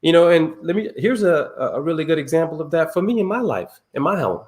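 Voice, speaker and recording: A man's voice: a little high, sing-song, fairly quick, darkish tone. A man hosting an online men's circle on a video call, talking casually and emphatically with slang, telling personal stories. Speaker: circle host. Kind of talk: casual group talk.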